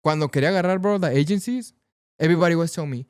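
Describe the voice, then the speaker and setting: A man's voice: a little high, very fast, a little mellow, clean tone, dry recording, studio quality. A young man from Los Angeles with a Mexican-American accent and a Sinaloan mother, telling stories as a podcast guest. He talks casually, switches between Spanish and English, says "bro" often and acts out the people he quotes. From Pacoima, California, with a Sinaloan mother. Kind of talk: casual storytelling chat.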